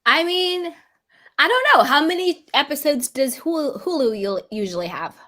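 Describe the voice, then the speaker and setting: A woman with a high, lively voice that bounces up and down as she hosts a relaxed online chat. She is playful and teasing, and breaks into laughter often. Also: moderate pace. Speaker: host.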